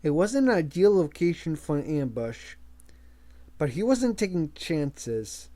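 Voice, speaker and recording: A man reading a novel aloud as an amateur audiobook narrator, measured, with small slips and restarts. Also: a little high, very animated, dark tone. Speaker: audiobook reader.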